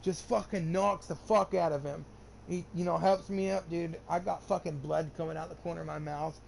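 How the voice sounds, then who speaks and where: A man's voice: fairly high pitch, fairly even intonation, moderate pace, gravelly, a little hiss or hum. A young man telling a long personal story in casual chat, rambling and swearing often, with lots of restarts. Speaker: gamer streamer.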